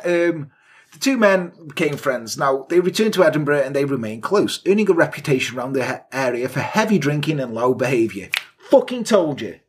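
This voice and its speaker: A man's voice: on the high side, slightly rough. A man co-hosting a podcast, telling a historical crime story in a casual, crude, jokey way. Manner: crude, jokey, sarcastic asides. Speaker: podcast co-host.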